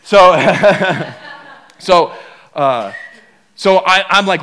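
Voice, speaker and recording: A man, a pastor, telling a personal story in a sermon, animated and full of fillers and repeats as he acts out the quotes. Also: sits high, moderate pace.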